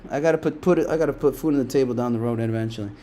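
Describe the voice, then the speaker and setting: Brief: middle-aged male live-stream trader, mid-pitched, salty, rambling, talks to chat. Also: racing, warm tone. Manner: loose, profane, talks to chat, laughs a lot. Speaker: livestream stock market host. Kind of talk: casual live-stream commentary.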